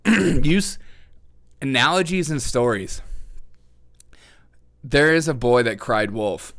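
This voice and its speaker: A male host delivers opinionated political commentary in a sarcastic, mocking tone. He laughs often as he talks, and his voice sits at an ordinary middle pitch. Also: fairly bright tone.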